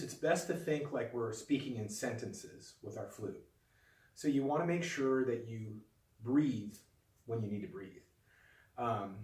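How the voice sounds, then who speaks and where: A man teaches in a calm, patient way, talking students through each technique step by step. His mid-pitched voice sits some distance from the mic. The room around him rings with a clear echo. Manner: calm, patient, demonstrative explaining. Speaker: flute teacher. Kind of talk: instructional video lesson. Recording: echoey room, voice a bit off-mic.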